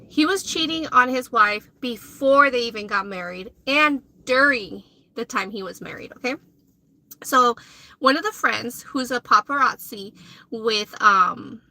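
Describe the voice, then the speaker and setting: High, bright-voiced woman dishing gossip. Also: no echo. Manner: chatty, animated, says "okay?" and "you know" often. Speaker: mukbang vlogger. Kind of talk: casual gossip storytelling while eating.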